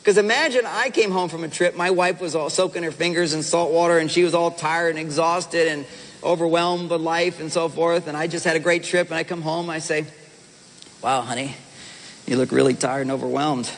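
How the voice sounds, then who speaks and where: A man giving a seminar talk to a live audience, animated and playful, acting out the voices of husbands and wives. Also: on the high side, fairly quick. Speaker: relationship speaker. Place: large hall with audience. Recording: reverberant hall sound.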